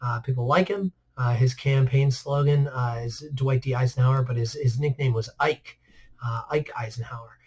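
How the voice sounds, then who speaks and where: Male history teacher, relaxed lecture over slides, frequent fillers. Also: mid-range voice, normal speed, slightly rough. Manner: relaxed, many "uh" fillers, conversational asides.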